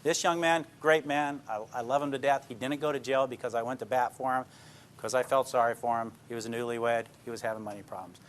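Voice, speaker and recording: An older police detective talks informally to a live class, plainspoken and anecdote-heavy, pausing to check in with his audience. His medium-pitched voice is fairly even and quick, with slight background noise in the recording.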